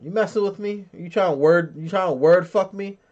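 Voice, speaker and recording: This thirty-something podcast host speaks in a high, slightly mellow voice at a moderate pace. Swearing and cracking jokes, he laughs a lot while reading chat comments and spinning stories in a casual chat. The audio is dull and lo-fi.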